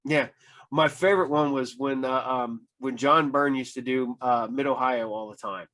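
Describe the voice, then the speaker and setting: In a casual podcast conversation, a man with a mid-range, somewhat bright voice talks at normal speed. He's a rambling storyteller who voices the people he quotes and fills his speech with fillers.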